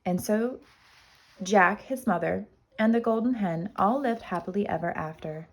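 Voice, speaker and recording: A woman, a kindergarten teacher, reading a storybook aloud to children with expressive storytelling. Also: medium pitch, normal speed.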